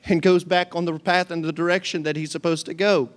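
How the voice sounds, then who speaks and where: A middle-aged man preaching a sermon, telling a story with lively acted-out voices and frequent laughter. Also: high-pitched, normal speed. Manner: animated storytelling, acts out voices, laughs often. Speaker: pastor.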